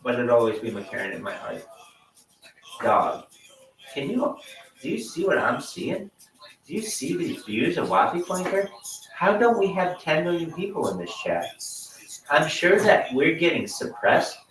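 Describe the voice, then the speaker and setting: Loud profane livestreaming man, far from mic. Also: on the high side, big pitch swings, measured pace, creaky, long pauses, roomy sound. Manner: over-the-top, profane, mock-grandiose hype. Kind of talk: livestream commentary.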